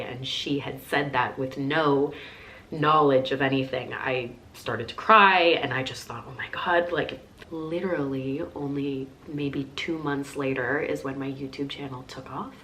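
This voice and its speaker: A woman in her thirties answering viewer questions in a casual, confessional chat, often dropping to a soft near-whisper. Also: a bass voice, fairly even intonation, measured pace, recorded from a distance, a little hiss or hum.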